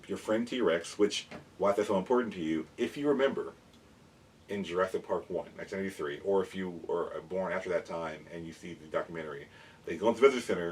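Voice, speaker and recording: Eager low-voiced man explaining dinosaurs. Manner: eager, rambling, quick restarts. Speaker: dinosaur educator and toy collector. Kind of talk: casual educational show-and-tell. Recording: mic at a distance, faint background noise.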